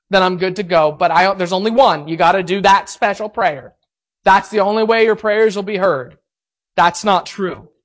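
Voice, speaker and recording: A man pastor preaching a sermon, telling a story in an animated and self-mocking way. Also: sits high.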